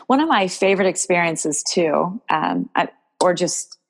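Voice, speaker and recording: A woman's voice: lowish voice, lively intonation, unhurried, creaky. A woman guest in an interview, telling a personal story in a rambling, emotional way with many restarts. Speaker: guest, game creator.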